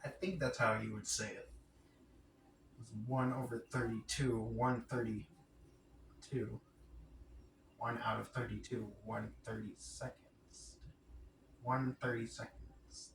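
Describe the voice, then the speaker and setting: This vlogger's medium-pitched, slightly bright voice stays level and slow, with vocal fry and lots of pauses, as he mutters and repeats words while unsure about some fractions he's figuring out. The distant mic picks up an echoey room and noise behind him.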